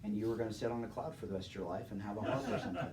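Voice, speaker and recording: A man's voice: lowish voice, steady tone, very fast. A young man casually telling his personal testimony to a live audience. He speaks in a laid-back, chatty way, laughs often and calls people "man" and "dude". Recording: distant mic with faint background noise.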